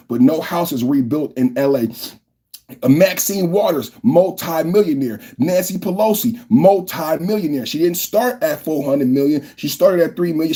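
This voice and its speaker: A podcast host ranting heatedly about politics, cursing often and building up to shouting. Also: male voice, a little high, breathy edge. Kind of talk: political rant.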